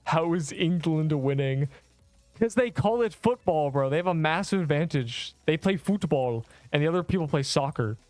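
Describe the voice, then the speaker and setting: A man's voice: on the high side, expressive, normal speed, darkish tone, dry recording, soft background music. A young man streaming a game, bantering sarcastically with his chat in a casual, joking way.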